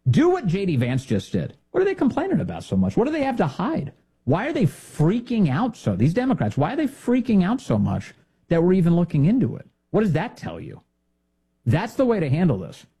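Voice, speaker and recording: A man's voice: high voice, wildly swooping pitch, fairly quick, warm tone, breathy edge. A man hosting a political commentary show, talking in a sarcastic, indignant monologue full of rhetorical questions. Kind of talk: opinionated monologue.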